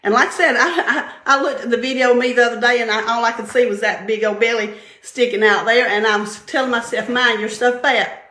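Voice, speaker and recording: Older woman, casual devotional talk, chatty storyteller, slightly high voice, echoey room. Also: quick pace, bright, forceful tone. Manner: chatty storyteller, laughs often, mimics others in a higher voice. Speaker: vlogger sharing faith-based encouragement. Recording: roomy echo.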